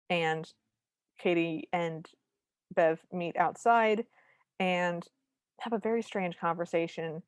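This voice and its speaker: A woman co-hosting a podcast, chatting casually as she recaps a movie and briefly acts out characters' lines with animated energy. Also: fairly low pitch, no room sound. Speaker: podcast co-host.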